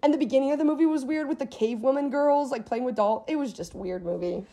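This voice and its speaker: A young woman hosting a podcast, chatting casually and telling stories in an animated way, swearing freely. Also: sits high, fast talker. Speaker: podcast host. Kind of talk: casual chat.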